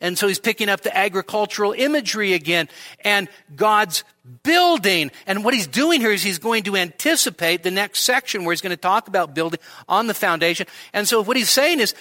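A middle-aged male pastor delivering an expository sermon in a church. His voice sits a little high and rings bright and forceful. He is earnest and emphatic, and he doubles back on his words to drive each point home. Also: lively intonation, a little fast. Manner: earnest, emphatic, repeats phrases for stress.

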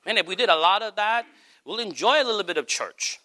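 A man preaching with a sharp, bright voice that leaps up and down in pitch. He is emphatic, shouting one moment and dropping to soft asides the next, and sits a little higher than most men. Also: expressive, fast. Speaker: pastor. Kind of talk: sermon.

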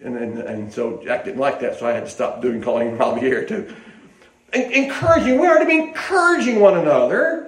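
A man's voice: mid-range voice, animated, a little fast. An older man preaching a sermon in a folksy, rambling way, with restarts and asides, in an echoey hall.

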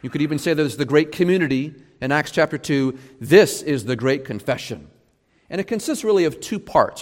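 Animated preacher in a reverberant church. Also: male voice, fairly high pitch. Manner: animated, acts out quoted voices. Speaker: pastor. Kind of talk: sermon. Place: church sanctuary.

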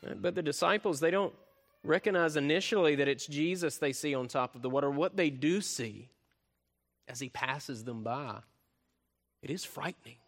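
A man preaching a sermon, often tagging points with "right?" and swinging from loud emphasis to soft, quiet delivery. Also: a little high, normal speed. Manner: frequent tag questions "right?", swells louder then drops soft. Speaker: pastor.

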